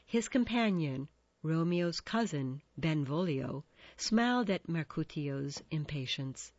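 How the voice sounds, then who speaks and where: Slow, expressive woman storyteller. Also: low voice, no room sound. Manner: expressive, measured. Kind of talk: storybook narration. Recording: dull dry recording.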